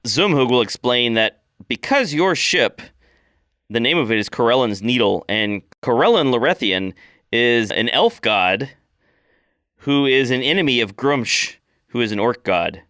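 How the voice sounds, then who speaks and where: A man running a tabletop role-playing game, narrating in an easygoing, descriptive way. His voice is bright and crisp, recorded close and dry. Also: mid-range voice, measured pace, no room sound. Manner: relaxed, descriptive narration with fillers. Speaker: game master.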